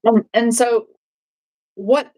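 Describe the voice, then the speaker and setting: A woman's voice: fairly high pitch, fairly even intonation, slow pace, mellow. A woman, a guest on a casual live-stream chat, talking in a rambling way with many restarts and tag questions. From England. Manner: rambling, restarts often, asks "right?".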